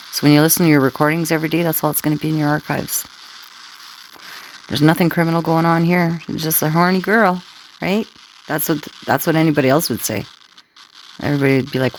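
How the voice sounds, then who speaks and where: A woman's voice: low-pitched, gravelly, a little hiss or hum, poor audio. A woman rambling crudely to her livestream listeners, taunting them and tagging her sentences with questions. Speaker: scanner livestreamer talking to listeners. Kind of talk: rambling casual monologue.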